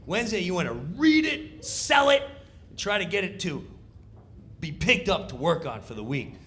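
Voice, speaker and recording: A man spins a comic backstage tale with excited, theatrical energy. His voice sits fairly high and bright, swinging lively up and down as he acts scenes out. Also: normal speed. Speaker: comedian telling a backstage story. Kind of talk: animated comedic storytelling.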